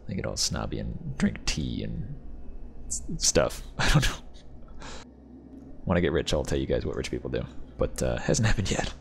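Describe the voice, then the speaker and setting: A man's voice: a bass voice, wildly swooping pitch, moderate pace, gravelly, long pauses, slight background noise. A man hosting a channel, rambling and joking with frequent laughs as he tours a ship in a game. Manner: rambling, jokey, laughs often. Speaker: channel host reviewing game ships. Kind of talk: casual game commentary.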